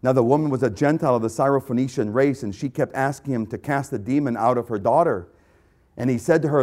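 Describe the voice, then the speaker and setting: A man preaching a sermon with passion, repeating lines and swinging from loud outbursts to quiet, intense remarks. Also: mid-range voice, quick pace. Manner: impassioned, repetitive, swings loud to soft. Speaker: pastor.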